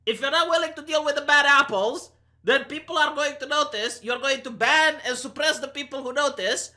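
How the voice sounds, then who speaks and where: A woman's voice: high voice, brisk, pushed and bright. Fiery Romanian-accented woman ranting. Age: 30s. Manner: heated, sarcastic, profane ranting. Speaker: commentary vlogger. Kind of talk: opinion rant to camera.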